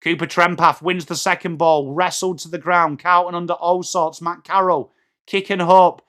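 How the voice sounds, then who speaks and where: An English-accented man gives live, excitable football commentary for a watchalong, joking, swearing and shouting when big moments hit. His voice is high, his speed normal and his tone clean.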